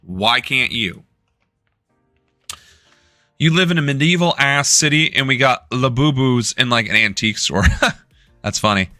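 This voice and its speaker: A man's voice: medium pitch, moderate pace, pushed and bright, dry recording, faint music behind. Brief: young male streamer from the US, sarcastic and foul-mouthed political rant, tense edgy voice, dry close sound. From United States. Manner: profane, sarcastic ranting. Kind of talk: live-stream political commentary.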